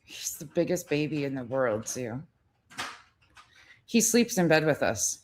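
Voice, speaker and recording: A woman's voice: rumbling low, expressive, unhurried, pauses often, darkish tone, slight background noise. A woman filming a casual home vlog, talking to her dogs in cooing baby talk and swearing offhandedly. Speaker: vlogger. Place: home living room with dogs.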